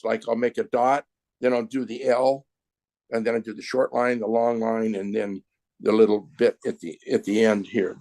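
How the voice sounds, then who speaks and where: Gravelly-voiced man explaining slowly. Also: lowish voice, a little mellow, dry recording. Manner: slow, explanatory, demonstrating with his hands. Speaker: sound healer. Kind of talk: conversational interview.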